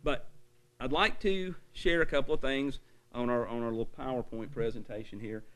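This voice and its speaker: A man preaching a sermon to a church congregation. He reads scripture forcefully, asks the room for an amen, then settles into a calmer teaching tone. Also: medium pitch, normal speed. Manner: emphatic preaching that turns to a quieter, explanatory lecture tone.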